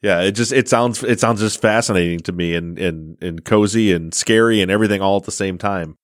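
A man's voice: fairly low pitch, brisk, no echo, studio quality. A man hosting a podcast interview, asking friendly questions with hesitant restarts. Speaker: podcast host. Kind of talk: interview chat.

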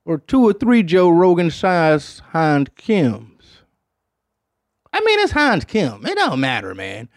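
A man's voice: a little high, wildly swooping pitch, slow pace, gravelly, dry recording, clean studio sound. A man from Detroit hosting a podcast in casual chat, rambling and slangy and swearing often, with "man" at the end of many lines. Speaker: podcast host.

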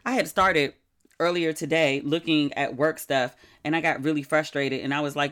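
A middle-aged woman hosting a podcast, chatting casually in a candid, wry, animated way. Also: low-pitched, moderate pace. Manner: candid, wry and animated, with sudden quoted outbursts. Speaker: podcast host. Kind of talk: casual solo podcast chat.

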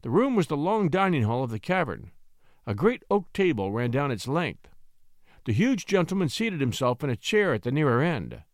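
A man narrating a classic short story in an expressive, scripted reading voice. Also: on the high side, moderate pace, no room sound, clean studio sound. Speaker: audiobook narrator.

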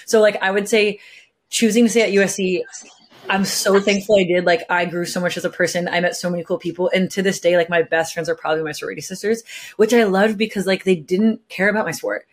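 Young woman from California, rapid casual chat, slightly low voice, bubbly, filler words. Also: steady tone. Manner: bubbly, lots of filler words, acts out quotes. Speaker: guest, professional soccer player.

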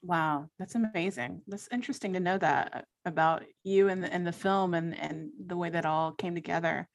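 A woman's voice: on the low side, moderate pace, vocal fry, no room sound. Friendly woman podcast host, dry sound. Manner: friendly, encouraging interviewer who laughs along. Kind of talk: casual interview chat.

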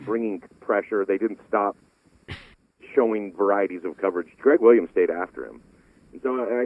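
A man's voice: fairly low pitch, dry recording. A man breaking down football game film on sports radio, restarting his sentences as he talks. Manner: animated, repeats words when restarting. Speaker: football analyst. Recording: tinny phone-like line.

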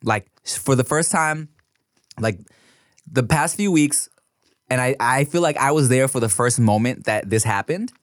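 A man's voice: mid-range voice, moderate pace, dry recording, studio quality. A man in his thirties, a podcast co-host, telling stories in casual chat, swearing and acting out voices as he goes. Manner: animated storyteller, swearing, acts out voices.

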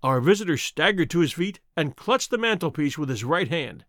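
Male narrator, expressive audiobook reading, lively pitch, dry close sound. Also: normal speed, no echo. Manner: expressive storytelling voice.

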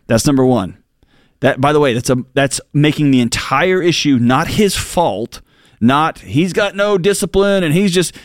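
A man's voice: mid-range voice, no room sound, clean studio sound. A man co-hosting a money advice show, talking earnestly and colloquially with listeners. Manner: earnest, colloquial, uses y'all. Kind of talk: casual radio advice talk.

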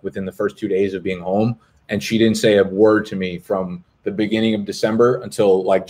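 A man, hosting a live stream in profane, rambling casual chat. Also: low voice. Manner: profane, rambling, swears constantly.

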